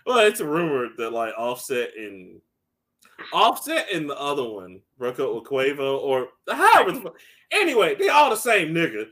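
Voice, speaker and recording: An animated man in his thirties talks in a high, bright voice that leaps all over the place. He swears freely and keeps jumping up into loud, near-shouted bursts during a casual podcast chat. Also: moderate pace. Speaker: podcast co-host.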